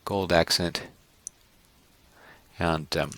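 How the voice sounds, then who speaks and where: A man instructing an online class through a screen-recorded software tutorial, rambling and correcting himself with joking asides to his students. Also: low-pitched, fairly even intonation, slow pace, vocal fry, pauses often, a little hiss or hum.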